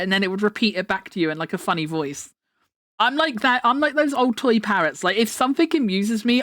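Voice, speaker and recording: A woman's voice: mid-range voice, a bit bright, no room sound, clean studio sound. A young woman livestreamer chatting casually to her viewers, rambling through a story with lots of fillers and laughter. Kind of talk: casual stream chat.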